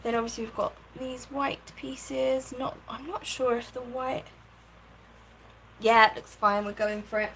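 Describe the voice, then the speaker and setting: A woman's voice: a little high, little pitch movement, unhurried, fairly bright tone, slight background noise, poor audio. A woman hosting a casual craft livestream from her home craft room, chatting, thinking aloud and thanking viewers by name. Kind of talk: casual live-stream chat while crafting.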